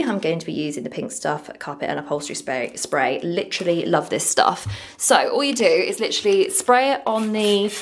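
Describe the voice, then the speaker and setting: A young British woman chatting casually while she cleans an office, often drifting into tangents, recorded on a camera set down in the room. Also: lowish voice. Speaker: cleaning vlogger. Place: office building indoors. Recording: echoey room with faint noise.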